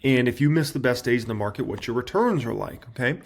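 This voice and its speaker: A man in his thirties hosting an investing channel, talking straight to his viewers in an animated, casual way. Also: medium pitch, fast talker, creaky. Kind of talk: casual reaction commentary.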